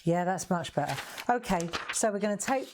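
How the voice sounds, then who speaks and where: Low-voiced chatty craft host. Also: female voice, lively intonation, normal speed, noisy background. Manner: chatty, laughs often, talks straight to viewers. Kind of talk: live craft demonstration.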